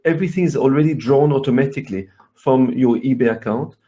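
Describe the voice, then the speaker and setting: A man's voice: medium pitch, fast talker, warm tone, muffled recording. A man with a Belgian accent, speaking as the guest expert on a webinar, earnest and repetitive with many fillers. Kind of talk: webinar talk.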